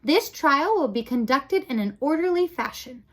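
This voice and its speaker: A stern male head mouse judging a trial, as a woman puts him on, commanding and formal. The voice lifts and falls with lively emphasis. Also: high-pitched, moderate pace, voice pushed up.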